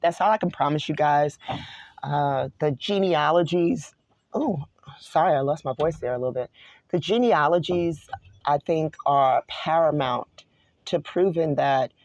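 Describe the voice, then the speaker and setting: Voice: mid-range voice, moderate pace, no echo, dull audio. A host in their forties from New York, talking alone through a scripture study in a rambling, digressive way and correcting themselves as they go. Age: 40s. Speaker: online show host. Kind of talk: solo scripture study talk.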